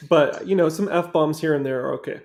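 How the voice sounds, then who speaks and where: A man hosting a casual livestream interview, relaxed and brief in his remarks. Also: fairly high pitch, a little fast. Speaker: host.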